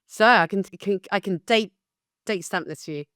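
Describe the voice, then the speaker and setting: A woman in her fifties, a guest on a podcast interview, telling her career story in a candid and animated way. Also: medium pitch, normal speed, no room sound, clean studio sound. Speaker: guest, facilitation business founder.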